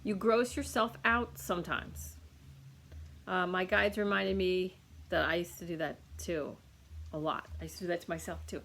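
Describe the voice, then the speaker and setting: A woman's voice: fairly low pitch, fairly even intonation, normal speed, gravelly, a bit bright, slight background noise. A woman giving a casual, rambling recorded healing reading to a client, with lots of fillers and restarts. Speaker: energy healer reading for a client.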